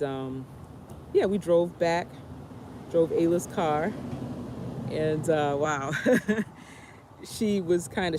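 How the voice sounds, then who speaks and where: A woman's voice: low voice, warm tone, slight background noise. A woman chatting casually on a storytime livestream, rambling with many fillers while sitting on a bench outdoors. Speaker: travel vlogger.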